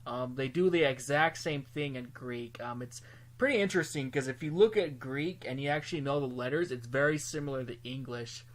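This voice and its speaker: A man's voice: medium pitch, fairly quick. A man hosting a Bible study video, talking through a verse in a casual, hesitant way with lots of ums and restarts. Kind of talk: casual spoken commentary.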